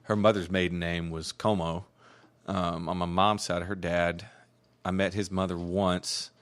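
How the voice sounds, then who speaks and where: Deep-voiced laid-back Louisiana man. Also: level tone, a little slow. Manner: laid-back storytelling, many "you know"s. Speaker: guest musician. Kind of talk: casual podcast chat.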